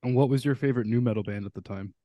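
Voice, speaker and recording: A man's voice: medium pitch, racing, no echo, dull audio. A man hosting a podcast, laid-back and swearing casually, laughing often as he chats with his guest. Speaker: podcast host.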